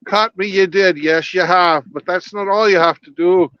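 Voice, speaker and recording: A man's voice: sits high, fairly even intonation, moderate pace, a bit bright, clear, resonant tone, no room sound, lo-fi sound. A man putting on a sly leprechaun. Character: lying male leprechaun, sly and crude.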